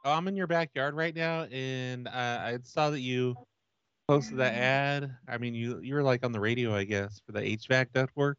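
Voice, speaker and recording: A man's voice: medium pitch, normal speed, a bit bright, clean tone, dry recording, muffled recording, natural voice. A man on a prank call playing an odd, pushy man who insists he is in a stranger's backyard, rambling with fillers. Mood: insistent.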